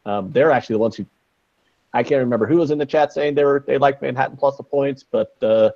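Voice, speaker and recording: A man's voice: mid-range voice, fast. Male co-host, rambling, jokey, filler-heavy talk, mid-range voice, dull lo-fi sound. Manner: rambling, joking, lots of fillers. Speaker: podcast co-host. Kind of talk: casual sports betting chat.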